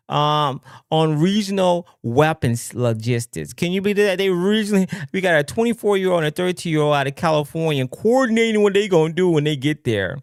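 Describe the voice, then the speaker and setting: Male livestream host, fairly high voice, dry close sound; rambles, stumbles over words, keeps exclaiming. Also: smooth, no room sound. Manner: rambling, halting, with many fillers and exclamations. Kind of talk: casual livestream commentary.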